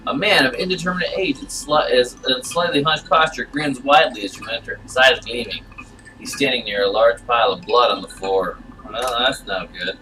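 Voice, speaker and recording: A man's voice: medium pitch, bright, forceful tone, distant mic, slight background noise, rough recording. A man reading a game's text aloud and adding wry, bemused comments, sometimes stammering. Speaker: gamer playing through a game.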